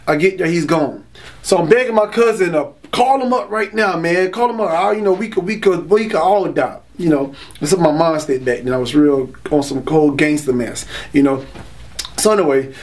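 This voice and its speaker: A young man talks in a slightly raised register. He tells a personal testimony in loose streetwise slang, leaning on "you know" and "y'all". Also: on the high side. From Florida, US. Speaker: man giving a religious testimony. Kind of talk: casual spoken testimony.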